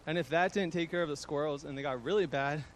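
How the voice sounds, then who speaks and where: A man's voice: on the high side, quick pace, slight background noise, poor audio. A young man giving a fond eulogy for his grandmother, chuckling often and using fillers. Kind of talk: eulogy speech.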